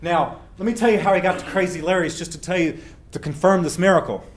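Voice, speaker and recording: A man giving a welcome speech at a festival, telling a story in an earnest, emphatic way and slowing down for effect. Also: high voice, a little hiss or hum. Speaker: welcome speaker.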